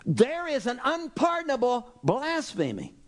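A male pastor preaching a sermon, animated and exclaiming, acting out voices from the story. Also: very high voice, unhurried.

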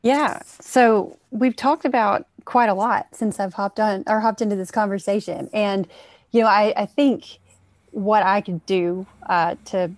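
A woman, a panel guest, explains her views in a measured way with frequent fillers during an online discussion. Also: medium pitch, steady tone, dry recording. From United States.

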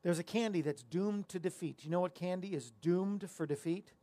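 A man's voice: high-pitched, moderate pace, mellow, no room sound. A man hosting a casual talk show, rambling and self-deprecating as he chats and tells corny jokes. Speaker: show host.

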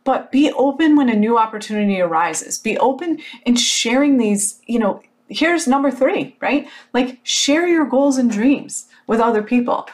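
Animated woman telling a story. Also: a little high, normal speed, few pauses. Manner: animated, emphatic storytelling with frequent "like"; blunt, occasional swearing. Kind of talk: casual motivational talk.

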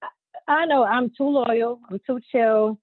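A woman's voice: a little high, measured pace, husky, no echo. A woman in her thirties talking candidly in a casual chat as co-host, open about her feelings. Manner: candid, emotional, tearful at times. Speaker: podcast co-host. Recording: tinny phone-like sound.

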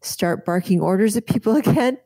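A woman's voice: medium pitch, expressive, fairly quick, mellow, dry recording, studio quality. A woman physician and author telling a personal story in an interview, earnest and vivid, often restarting her sentences.

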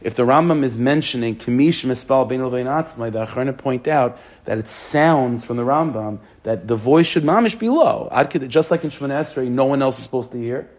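A man's voice: mid-range voice, fairly quick, few pauses, a little mellow. A man explaining a text, phrase by phrase. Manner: reads text aloud phrase by phrase, then explains it. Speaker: rabbi teaching a text class. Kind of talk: text study lesson.

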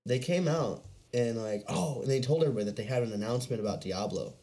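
A man's voice: mid-range voice, fast talker, dark tone. A man chatting casually on a podcast, swearing freely, laughing often and acting out other people's lines. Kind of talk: casual chat.

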